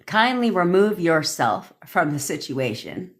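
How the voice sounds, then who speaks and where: Her voice sits on the low side with big pitch swings and a slightly slow pace. A young manifestation coach on a livestream, she rants bluntly, swears a lot, and laughs often.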